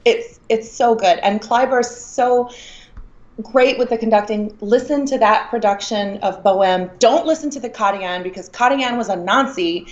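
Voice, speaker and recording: A woman's voice: on the high side, normal speed, highs cut off. A young woman from Mississippi, an opera singer co-hosting a live stream over a Skype call, chatting with gushing enthusiasm and stretching words for emphasis. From Mississippi, USA. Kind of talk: casual live stream chat answering questions. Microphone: remote Skype call.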